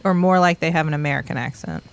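A woman's voice: low voice, fast talker. A woman co-hosting a podcast with her sisters, rambling casually and slipping in dry jokes. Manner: wry, rambling, joking. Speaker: podcast host. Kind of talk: casual chat among siblings.

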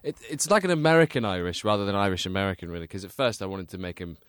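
A man, a guest actor on a comedy panel show, explaining things in a relaxed, rambling way. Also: low voice, rapid-fire, no room sound, clean studio sound.

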